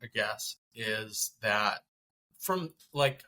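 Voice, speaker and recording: A man on a podcast recounts his own experience in a loose, conversational way. His voice is bright and forward. He trails off and restarts his sentences often. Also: fairly low pitch, expressive, slight background noise. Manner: halting, many restarts and fillers. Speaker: podcast guest. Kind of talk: conversational storytelling.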